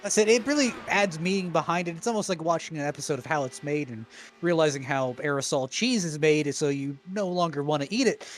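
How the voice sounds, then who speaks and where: A man's voice: fairly high pitch, a little fast. A man giving color commentary on a live race broadcast, working through pit strategy in an analytical way and leaning on the word "effectively".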